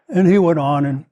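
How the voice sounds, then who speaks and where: An older man in his seventies tells long stories as a podcast guest. He rambles with plenty of fillers but stays animated, in a voice that sits a bit high for a man. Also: no echo. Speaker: guest, former combat medic. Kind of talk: storytelling in a podcast interview.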